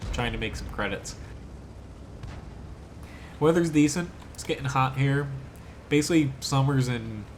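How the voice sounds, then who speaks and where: A man's voice: fairly low pitch, a little hiss or hum. A man from South Jersey with an American accent, chatting casually as he streams a game live and answers his chat. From South Jersey, USA. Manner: laid-back, chatty, answers chat between plays. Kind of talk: live gameplay commentary.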